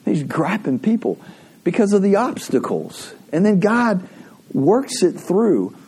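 A male pastor preaching a sermon in a relaxed, conversational way, telling stories and laughing often. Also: high voice, slow pace, slight background noise. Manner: conversational, animated storytelling with frequent laughs.

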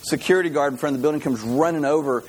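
A man's voice: on the high side, racing, breathy edge. A man preaching a casual, conversational sermon as pastor, telling stories with lots of repeated restarts. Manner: animated storyteller, many repeated restarts.

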